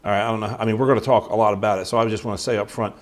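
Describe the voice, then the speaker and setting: A man's voice: lowish voice, fairly even intonation, rapid-fire. A man hosting a podcast interview, talking in a casual, enthusiastic, chatty way with plenty of fillers. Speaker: podcast host.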